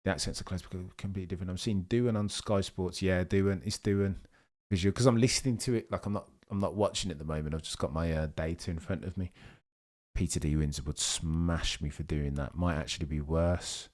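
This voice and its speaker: A young man with a lowish voice hosts a live race watchalong. He chats casually, reads out viewers' messages and answers them one after another. His talk is loose, with restarts and asides. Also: fairly even intonation, fairly quick, darkish tone. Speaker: livestream host.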